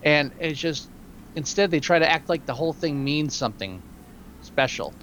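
A man co-hosting a podcast in casual movie chat, wry and opinionated, quick to joke. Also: on the high side, expressive, muffled recording, a crowd in the background. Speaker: podcast co-host.

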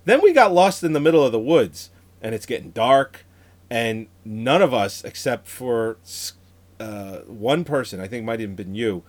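A man in his thirties co-hosting a casual movie review podcast. He talks in a relaxed, rambling way with frequent laughs. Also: mid-range voice, moderate pace. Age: 30s. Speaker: podcast co-host.

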